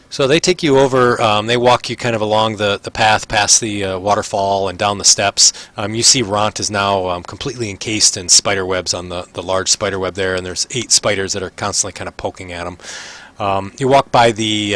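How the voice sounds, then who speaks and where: Bright-voiced, low-pitched male game master. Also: steady tone. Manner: easygoing, many fillers, quick voices for figures. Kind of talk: narrating a tabletop game.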